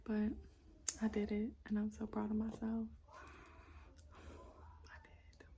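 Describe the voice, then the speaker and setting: A young woman vlogger at home, casually telling a personal story in a soft, often half-whispered voice full of "like". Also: medium pitch, monotone, takes it slowly, creaky, a little hiss or hum. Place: at home with her small children.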